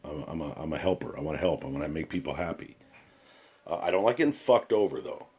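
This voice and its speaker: Deep-voiced, profane man ranting. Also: quick pace, slightly rough. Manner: blunt, profane, animated storytelling. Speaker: vlogger. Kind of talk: profane storytelling rant.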